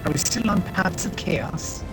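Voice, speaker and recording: A woman's voice: on the low side, lively intonation, a little slow. A woman playing a wood elf character in a game, tossing in dry, teasing remarks. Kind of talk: in-character game role-play. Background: game music.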